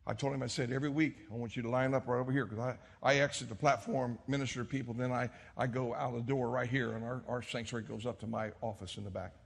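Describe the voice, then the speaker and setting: A middle-aged male pastor preaching a sermon, telling stories and swinging from hushed tones to shouts. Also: mid-range voice, fairly even intonation, fast talker, vocal fry, hardly any pauses, slightly rough, in a large hall. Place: church sanctuary.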